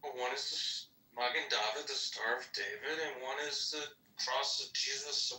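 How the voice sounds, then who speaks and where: A man's voice: mid-range voice, normal speed, bright, forceful tone, reverberant. Rambling man on a distant mic. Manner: rambling, with restarts. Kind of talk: casual chat.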